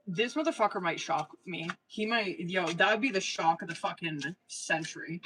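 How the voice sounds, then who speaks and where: Profane, excitable woman reading tarot live. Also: on the low side, moderate pace, a little hiss or hum, poor audio. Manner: profane, excitable, laughs often; slangy, chatty, addresses viewers as girl and boo. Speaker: tarot reader. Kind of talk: casual live-stream reading.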